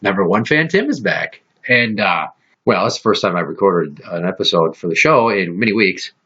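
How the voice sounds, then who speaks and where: A man hosting a podcast, telling profane, animated stories in casual chat. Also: deep voice, normal speed, slightly rough, muffled recording. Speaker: podcast host.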